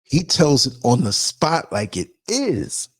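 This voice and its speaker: A man with a New York accent, a podcast host telling a story in a casual monologue, animated and acting out the voices he quotes. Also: mid-range voice, slow, breathy edge, no room sound.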